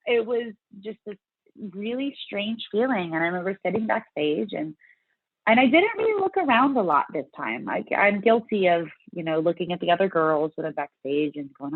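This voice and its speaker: A woman guest telling her story in a casual interview, animated and full of restarts. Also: mid-range voice, normal speed, no echo, narrow, tinny audio. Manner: animated, many restarts and fillers. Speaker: guest, bodybuilding competitor.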